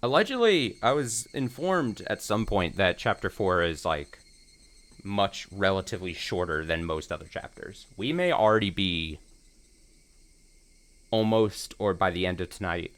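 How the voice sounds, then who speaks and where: A man's voice: deep voice, expressive, unhurried, fairly bright tone. A man streaming a visual novel, recapping the story in a casual, rambling way with restarts and the odd swear. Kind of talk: casual let's-play commentary.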